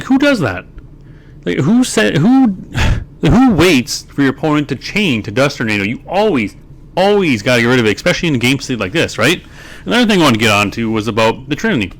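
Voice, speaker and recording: A man talking over a card game replay, his voice at an ordinary middle pitch. He rants with exasperation and swears freely, in the loose manner of a video creator. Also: fairly bright tone. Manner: profane, exasperated ranting. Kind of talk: replay commentary and rant.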